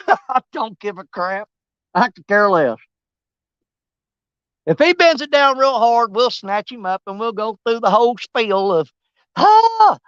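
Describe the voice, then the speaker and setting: A man chatting on a fishing livestream, his pitch bouncing all over as he rambles and teases. The sound is dry and close, with dull, lo-fi stream audio. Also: fairly bright tone, clear, resonant tone, no room sound. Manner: rambling, teasing, talks to the fish. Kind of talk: casual live-stream chat. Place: outdoors on a riverbank.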